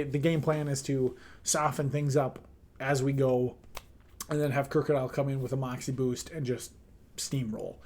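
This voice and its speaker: A man's voice: mid-range voice, darkish tone. Chatty man with lots of ums. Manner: loose and chatty, many "um"s, playful slang. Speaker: draft league team manager. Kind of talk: casual team review.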